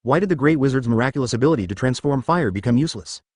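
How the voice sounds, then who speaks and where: Reading fan fiction in an artificial audiobook voice, this male narrator is expressive and rapid-fire, with strongly varied pitch. The audio is close, dry, and echo-free, and any censored word comes out as letters plus asterisks.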